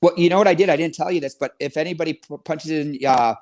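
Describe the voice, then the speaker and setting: A man's voice: fairly high pitch, quick pace. A middle-aged man, a magician guest on a podcast, chatting easily and telling stories. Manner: relaxed, chatty, lots of agreeing. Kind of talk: casual chat.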